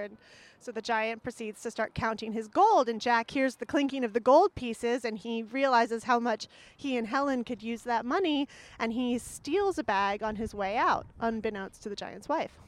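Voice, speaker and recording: A woman retelling a fairy tale in an animated, jokey way, with offhand asides. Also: on the high side, moderate pace. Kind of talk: comic storytelling.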